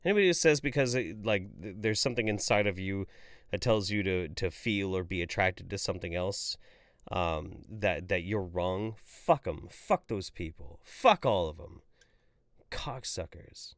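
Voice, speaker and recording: A low-voiced man with lively intonation and a measured pace hosts a livestream, reading viewer chats and ranting at them in profane exasperation. He shifts between loud blowups and mumbled asides, in studio-quality audio with no echo.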